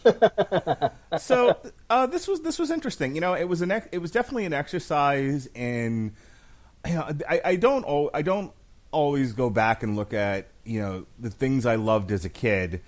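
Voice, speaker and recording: A man in his forties hosting a podcast and arguing a case about a film with emphatic, animated delivery and frequent laughter. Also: on the high side, moderate pace. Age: 40s. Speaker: podcast host. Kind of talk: mock-trial film debate podcast.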